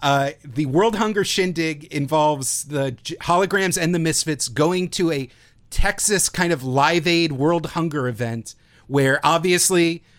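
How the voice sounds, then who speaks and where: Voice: mid-range voice, measured pace, a bit bright. A podcast co-host chatting casually, wry and mocking in the asides. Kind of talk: casual chat.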